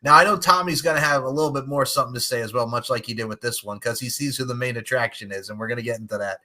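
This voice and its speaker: A man hosting a fight podcast, excitable and jokey, often breaking into loud hype. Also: medium pitch, rapid-fire. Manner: hyped, jokey, bursts of shouting. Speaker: podcast host.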